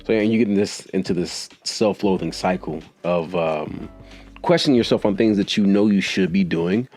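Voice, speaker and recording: A very deep-voiced man talks through his own podcast alone in an easygoing way. He rambles, corrects himself often and fills gaps with ums and you-knows. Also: moderate pace, darkish tone, soft background music. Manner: rambling, self-correcting, with filler words and chuckles. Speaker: podcast host. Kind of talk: casual solo podcast monologue.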